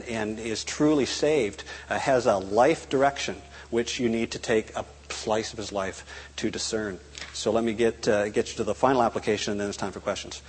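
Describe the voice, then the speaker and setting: A man preaching a sermon, animated, acting out bits of conversation as he makes his points. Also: medium pitch, slightly rough. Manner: animated, acts out dialogue in quotes. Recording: long hall reverb.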